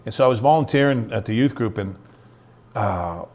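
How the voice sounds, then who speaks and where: This is a man who is a middle-aged interview guest telling his own story with plain sincerity. His voice sits somewhat low, and he acts out the lines of the people he quotes. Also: expressive, normal speed, darkish tone. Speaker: guest, youth ministry founder. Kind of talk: personal testimony in an interview.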